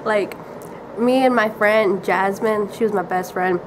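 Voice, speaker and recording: A teenage girl vlogger rambles unhurriedly through a casual story, giggling and filling gaps with "like." Her voice is at an ordinary middle pitch, and the recording has steady hiss and background noise.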